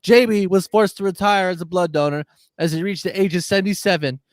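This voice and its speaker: A man co-hosting a casual chat show, reading a list aloud with frequent laughs. His voice sits high and sounds dry and close. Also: fairly even intonation, a little fast, no echo. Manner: reads out a list, laughing a lot. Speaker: co-host.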